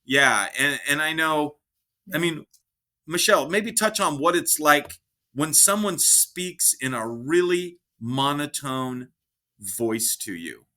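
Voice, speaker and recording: An energetic man co-hosting a relaxed advice talk, keeping his tone upbeat. His voice sits a little high and rings bright and forceful. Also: slow. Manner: energetic, upbeat, gives lively examples. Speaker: podcast co-host. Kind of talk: casual advice chat.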